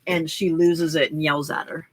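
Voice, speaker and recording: A woman's voice: low-pitched, level tone, moderate pace, background noise. A middle-aged woman hosting a late-night crafting livestream from home, chatting casually and talking to her cats and viewers between stories.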